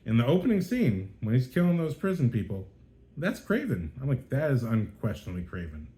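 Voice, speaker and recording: Exasperated man with a mellow voice. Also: medium pitch, huge pitch swings, brisk. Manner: exasperated, ranting, lots of fillers and restarts. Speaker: podcast host. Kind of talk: casual spoken movie review.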